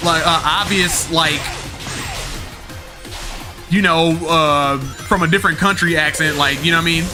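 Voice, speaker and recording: A man's voice: fairly high pitch, a little slow, over music. A young man streaming a game, chatting to his viewers in a rambling, slangy way, with lots of fillers and the odd swear word. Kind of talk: live-stream chat with viewers.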